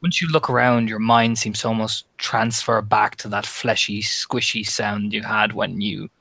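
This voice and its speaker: A man's voice: on the low side, steady tone, normal speed, gravelly, sharp tone, dry recording. A man narrating as game master of a tabletop horror game, dramatic and imitating heartbeats. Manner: dramatic, mimics heartbeat sounds.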